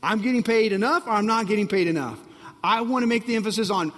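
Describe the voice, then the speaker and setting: Quick and high-pitched, with a fairly bright tone, a pastor preaches as a long reverb tail follows his words. He hammers phrases through repetition and repeatedly asks the congregation if they're ready.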